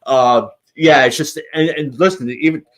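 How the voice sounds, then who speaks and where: A man hosting a casual show chats in a rambling way, restarting often. His voice sits on the high side, a bit bright, with fairly even intonation and a moderate pace.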